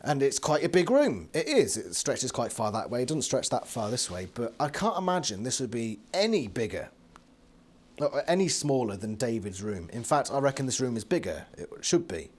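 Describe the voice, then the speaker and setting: A man's voice: mid-range voice, very animated, moderate pace, breathy edge. A British man giving a casual, sarcastic book review from his living room, swearing freely and laughing often.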